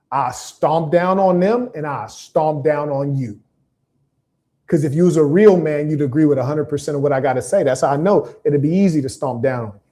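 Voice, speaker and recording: A man's voice: fairly high pitch, mellow. A man hosting a livestream, delivering a preachy, combative monologue and reading out viewer comments, with emphatic repetition. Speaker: live stream host.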